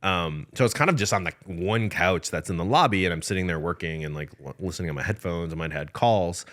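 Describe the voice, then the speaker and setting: A man with a low voice co-hosts a podcast and tells a story in a relaxed, chatty way. He often slips into other people's voices to quote them. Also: fast. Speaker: podcast co-host. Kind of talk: casual chat, storytelling.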